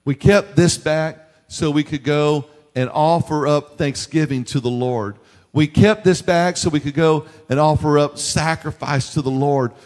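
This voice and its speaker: Brief: preacher voicing a defensive king, a bit low, halting excuses, echo of a church hall. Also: a little mellow, close to an everyday voice. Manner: hesitant, stammering excuses. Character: defensive King Saul, grown man, making excuses.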